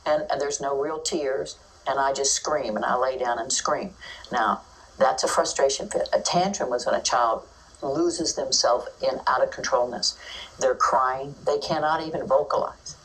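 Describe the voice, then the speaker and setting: A woman giving an informal talk on caring for toddlers, lively and acting out the voices of children and teachers. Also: extremely low pitch, normal speed, recorded from a distance, low-quality recording.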